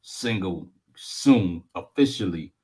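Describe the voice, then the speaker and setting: A man's voice: deep voice, lively intonation, slow pace, crowd noise. A man in his forties with a Newark accent, talking bluntly and joking in street slang on a casual panel. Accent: Newark, New Jersey. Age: 40s. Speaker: panel guest. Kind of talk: casual chat.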